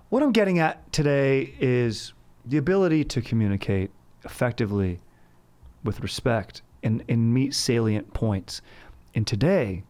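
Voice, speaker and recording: A man hosting a casual comedy podcast, joking and reading ads in an animated, playful way. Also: medium pitch. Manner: animated, jokey, swings into loud bits. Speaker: podcast host. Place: Los Angeles.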